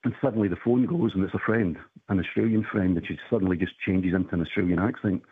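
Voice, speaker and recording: A middle-aged man on a call, his voice husky and fairly low. He rambles casually with lots of ums. The sound is thin and phone-like, dry with no room. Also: fairly even intonation, fast, no room sound. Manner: hesitant, rambling with fillers. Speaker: caller. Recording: tinny phone line.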